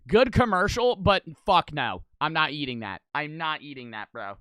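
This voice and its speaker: A young man casually reacting to old commercials, loud and ranting, with a lot of swearing. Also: a little high, lively intonation, moderate pace, hardly any pauses, clean tone, dry recording.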